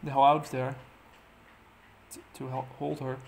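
A man casually recapping a comic book plot, halting and full of fillers and restarts. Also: medium pitch, little pitch movement, vocal fry, slight background noise.

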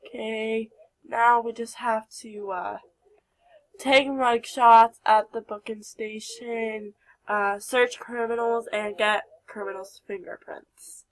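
A woman's voice: on the high side, flat delivery, slow. Chatty young woman narrating a game. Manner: chatty, giggly, talks to her game characters. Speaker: gameplay commentator. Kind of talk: casual let's play commentary.

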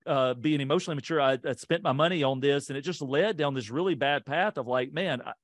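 Guy on a podcast telling a story on himself, self-mocking and animated, mid pitch, dry close sound. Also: no echo. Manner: quick, lively retelling with voiced quotes. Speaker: podcast guest. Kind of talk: casual storytelling interview.

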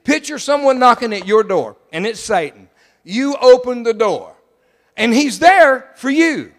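High-voiced pastor preaching in a reverberant hall. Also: male voice, sing-song, moderate pace, a bit bright. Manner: emphatic, folksy preaching. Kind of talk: sermon. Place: church sanctuary.

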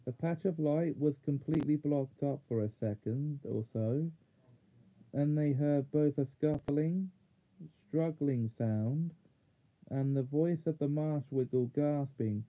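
A man reading a children's fantasy chapter aloud in steady storybook narration. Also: mid-range voice, unhurried. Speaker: audiobook reader. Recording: narrow phone-like sound.

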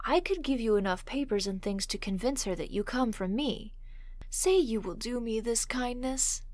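A fretful young man, petulant and timid, voiced by a woman reading a storybook. He pleads and fusses, his voice lifting higher as he worries. The sound is close and dry. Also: animated, moderate pace, darkish tone, dry recording, natural voice. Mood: pleading.

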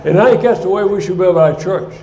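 An older man preaching a sermon in a church, telling a story with animated energy. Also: high voice, fast. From United States. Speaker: guest speaker. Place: church sanctuary. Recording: echoey church sanctuary.

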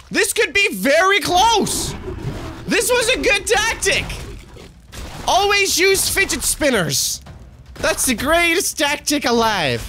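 A young man commentating gameplay, excitable, cursing freely and swinging between shouts and mutters. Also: very high voice, slight background noise. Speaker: gaming YouTuber.

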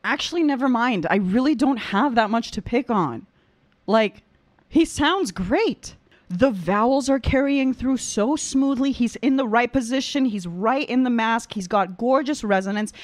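A woman who is a trained opera singer giving excitable live reaction commentary, full of gasps and exclamations, then switching to calm vocal critique. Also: on the high side, unhurried, no room sound. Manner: excitable, gasping exclamations, many "like"s.

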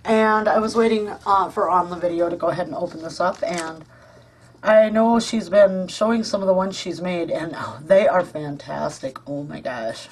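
A woman's voice: lowish voice, moderate pace, breathy edge. A woman hosting a casual craft vlog at home, gushing and chatty with lots of ums and uhs. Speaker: crafting channel host.

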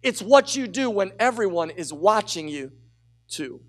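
A middle-aged man preaching a sermon as pastor, telling a personal story with lively energy and urging the congregation to call out. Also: sits high, unhurried. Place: church sanctuary with a congregation.

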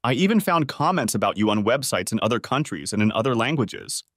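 A man's voice: medium pitch, very animated, a little fast, a bit bright, no room sound, studio quality. A man narrating an audiobook, voicing an upbeat, scheming young woman in a raised, coaxing voice. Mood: eager.

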